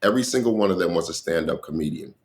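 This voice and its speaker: A middle-aged man with a very low voice and a rough, gravelly edge. He is a stand-up comedian telling lively stories as a podcast guest, and he acts out the voices of the people in them. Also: very fast. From Colorado. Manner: animated storyteller who acts out other people's lines. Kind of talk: casual interview storytelling.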